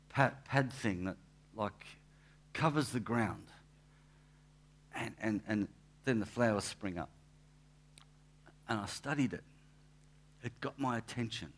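A man, a pastor giving a relaxed, anecdotal sermon in church, with asides and restarts. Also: fairly low pitch, slight background noise. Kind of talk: conversational sermon.

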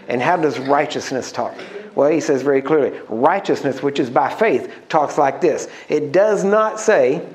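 A man with a fairly high voice preaches a sermon in a church. He is emphatic, slows down to drive key words home, and keeps asking the congregation questions. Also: a little mellow.

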